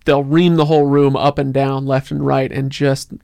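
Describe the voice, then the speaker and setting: A man's voice: medium pitch, level tone, normal speed, vocal fry, warm tone, clean tone, dry recording. A man co-hosting a podcast, telling stories in casual, rambling chat. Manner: rambling storyteller with restarts. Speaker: podcast co-host.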